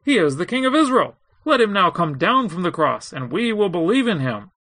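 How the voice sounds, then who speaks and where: A man's voice: high voice, very animated, a little fast, a bit bright, no room sound, full character voice. A man voicing a group of scornful male chief priests with a raised, taunting voice while reading scripture aloud.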